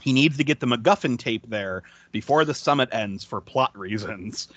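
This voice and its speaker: Animated, bright-voiced man recapping a movie. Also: mid-range voice, moderate pace, no echo, lo-fi sound. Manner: profane, laughs often while recapping. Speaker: podcast co-host. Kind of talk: casual movie recap chat.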